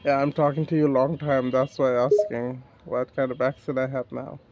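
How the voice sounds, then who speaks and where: A man with a Bangladeshi accent practicing English in a casual chat, speaking haltingly with broken grammar and restarts. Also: mid-range voice, flat delivery, lo-fi sound, noisy background. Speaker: English learner.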